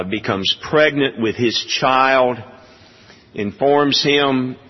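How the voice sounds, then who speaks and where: A man preaching a sermon, speaking in a measured way with many pauses. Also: medium pitch, long reverb tail, highs cut off. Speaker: pastor.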